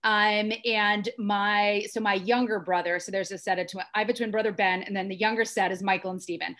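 A woman's voice: medium pitch, steady tone, brisk, fairly bright tone. A middle-aged American woman telling her personal story as a podcast guest, earnest and intense. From United States. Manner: earnest and intense, with frequent restarts.

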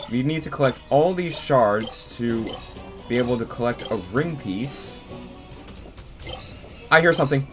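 Young male gaming YouTuber, excitable and animated, faint music underneath. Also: mid-range voice. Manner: jumpy, excitable, talks to viewers. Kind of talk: casual let's-play commentary.

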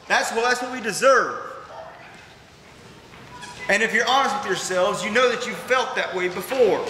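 A man's voice: sits high, normal speed, pauses often, pushed and bright. A man preaching a sermon as pastor, earnest and emphatic, with repetitions, in a large church sanctuary. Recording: echoey church hall with background noise.

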